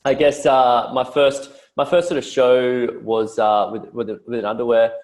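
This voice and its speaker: A man's voice: medium pitch, fairly even intonation, normal speed, darkish tone, slight background noise. Laid-back Australian man, swearing and joking. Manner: swearing, jokey, mimics mates in a broad voice. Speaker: podcast guest. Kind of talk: casual interview chat.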